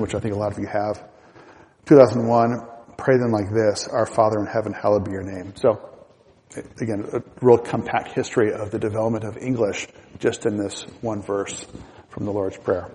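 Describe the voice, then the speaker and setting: Middle-aged man, church class teacher, mellow tone, long reverb in a big room. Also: fairly low pitch. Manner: relaxed, halting with fillers and restarts.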